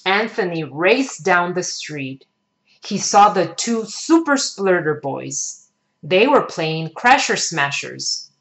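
A woman reading a children's picture book aloud in an expressive storytelling manner. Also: lowish voice, slow. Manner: expressive, sing-song storytelling.

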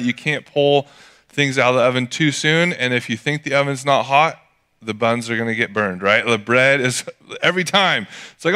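Bright, crisp-voiced casual preacher. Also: male voice, medium pitch. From California. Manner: casual storytelling, jokey asides. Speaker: pastor. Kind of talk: sermon.

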